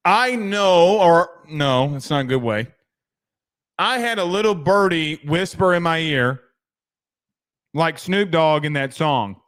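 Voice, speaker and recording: A man's voice: fairly high pitch, lively intonation, slow, fairly bright tone, clean tone. A man hosting a casual sports commentary show, rambling and joking. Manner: rambling, joking, trails off into asides.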